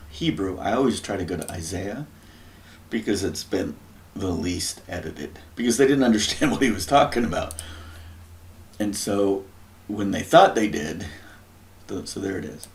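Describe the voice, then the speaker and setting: A man thinking aloud through a scripture and word study, often clearing his throat. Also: low voice, animated, normal speed, pauses often. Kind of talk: musing scripture study talk.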